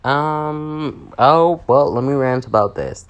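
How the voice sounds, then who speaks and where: A man's voice: medium pitch, slow pace, smooth, muffled recording. A young man with a sore voice, chatty and sassy, swearing freely as he rants in a casual vlog. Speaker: vlogger.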